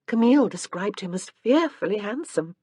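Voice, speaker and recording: A woman's voice: mid-range voice, lively intonation, moderate pace, dark tone, breathy edge, dry recording, clean studio sound, voice pushed up. Woman reading as a teasing young wife. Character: playful pregnant young wife, teasing and warm. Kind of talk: audiobook character reading.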